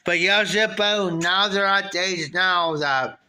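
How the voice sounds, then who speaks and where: A middle-aged American man chats live with his viewers in a loose, rambling way, looping back on his phrases. His voice sits high for a man and rings bright and forceful. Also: measured pace. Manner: rambling, repeats phrases, animated when quoting himself. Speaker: live streamer. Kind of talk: casual storytelling to chat.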